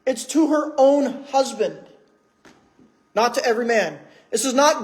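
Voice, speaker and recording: A man's voice: extremely high pitch, animated, normal speed, long pauses. A man preaching a sermon in church, conversational, with many rhetorical questions. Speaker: pastor.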